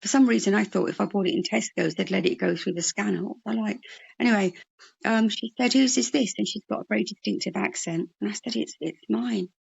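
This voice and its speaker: Gravelly-voiced woman telling stories. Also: medium pitch, fast talker, highs cut off. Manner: animated anecdotal storyteller. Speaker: comedian and mental health worker. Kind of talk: storytelling interview chat.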